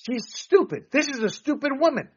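Man, podcast host, high voice, political commentary, animated and rambling, dull lo-fi sound. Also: a little fast. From Latino background. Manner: animated, rambling, with laughs and restarts.

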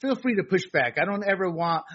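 A middle-aged man hosts a political talk show in an opinionated, lecturing tone, with plenty of filler words. His voice sits high and is husky. The sound is dull and lo-fi. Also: lively intonation, fairly quick, a bit bright. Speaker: host.

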